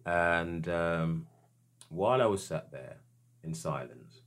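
Very deep-voiced man, halting and earnest. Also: animated, fairly bright tone. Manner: hesitant, halting, with frequent restarts; earnest and searching. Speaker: storyteller. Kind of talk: reflective personal account.

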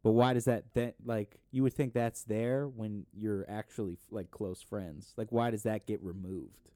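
A man with a very dark, low voice, thinking out loud in a casual podcast chat. He sounds close and dry, with no room in the sound. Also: fairly even intonation, unhurried, no echo. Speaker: podcast co-host. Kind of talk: casual chat among friends.

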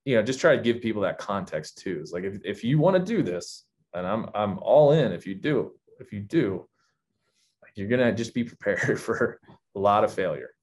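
Low-voiced guy on a podcast, candid and thoughtful, keeps restarting his thoughts. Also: big pitch swings, moderate pace, a little mellow, slight background noise. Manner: candid, reflective, frequent restarts. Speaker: podcast guest. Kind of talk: casual podcast chat.

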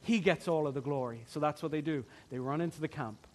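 A man preaching a sermon as pastor, earnest, swinging from soft, quiet passages to fervent, emphatic build-ups. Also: fairly high pitch, a little fast.

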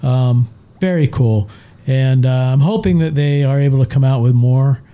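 A man's voice: medium pitch, normal speed, dark tone. A man co-hosting a casual chat show, rambling and enthusiastic as he talks. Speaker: co-host, show's chief engineer.

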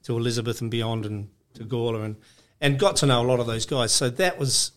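A man with a mid-pitched voice, a guest on a podcast. He tells stories in a plain, easygoing way and laughs easily between phrases. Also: steady tone, a little fast, a bit bright. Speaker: guest, bodybuilding judge. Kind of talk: casual podcast interview.

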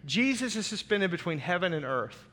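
A man's voice: high voice, sing-song, normal speed, sharp tone, long reverb tail. A man preaching a sermon as pastor, emphatic and dramatic, with repeated phrases.

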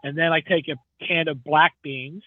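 A man's voice: a little high, fairly even intonation, moderate pace, dry recording. A man, a guest truck driver, chatting casually in a rambling, easygoing way and laughing easily. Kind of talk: casual podcast chat. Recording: tinny phone line.

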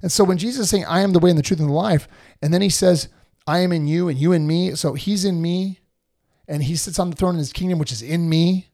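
Talking fast in a high voice, a man co-hosts a casual spiritual podcast chat. He tells animated stories and performs the voices of the people in them.

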